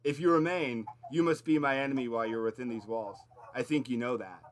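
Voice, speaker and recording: A man's voice: mid-range voice, fairly even intonation, fairly quick, a little hiss or hum, lightly acted. A man voicing a grim, stern male guardian who speaks in formal, menacing phrases.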